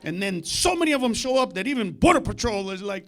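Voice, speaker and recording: Stand-up comic, man, very high voice; rowdy, foul-mouthed, veers from shouted bits to muttered asides on a club stage. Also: very animated, fast, a little hiss or hum. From United States. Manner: loud, profane, swings between shouting and muttering asides. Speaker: stand-up comedian. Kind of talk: stand-up comedy set.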